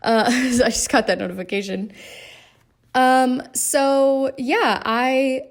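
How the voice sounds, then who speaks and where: A woman's voice: high-pitched, steady tone, slow pace. A young woman giving a chatty, rambling voice-over on her game build, with lots of fillers. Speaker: game streamer. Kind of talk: casual voice-over commentary.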